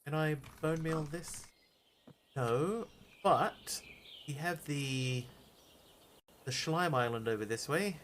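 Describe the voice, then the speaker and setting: A man's voice: a little high, slow, pauses often, a bit bright, a little hiss or hum. A man streaming a game live, chatting casually, thinking aloud and answering his viewers as he plays.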